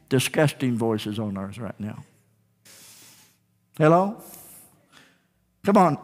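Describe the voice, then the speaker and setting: A man preaches from the pulpit in a high, ringing voice, driving home his points with repetition and calls to the congregation. His sermon carries the long reverb of a church sanctuary. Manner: emphatic preaching with call-and-response, repeated phrases. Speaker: pastor.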